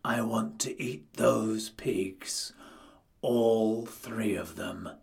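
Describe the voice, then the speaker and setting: A hungry, scheming big bad wolf from a storybook, as a man puts him on, talking in a low gruff growl that sits a little below an ordinary speaking voice and sounds rougher than it. He drags the words out slowly and heavily. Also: darkish tone, far from the mic, full character voice. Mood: hungry, sulky.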